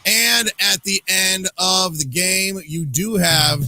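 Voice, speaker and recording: A high-voiced man hosts a live trivia quiz with a sing-song, joking delivery. His tone is sharp and forceful, with a gravelly edge. Light music plays behind him. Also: takes it slowly, low-quality recording. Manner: upbeat, jokey, sing-song announcing. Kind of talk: live-streamed quiz hosting.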